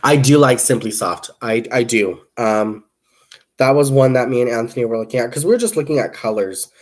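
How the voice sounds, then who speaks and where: A young man chats casually through a crochet livestream, rambling from topic to topic and answering viewer comments. His voice sits at an ordinary middle pitch. Every so often he drops into quiet counting as he works his stitches. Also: brisk. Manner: rambling and chatty, reads viewer comments aloud, counts stitches under the breath.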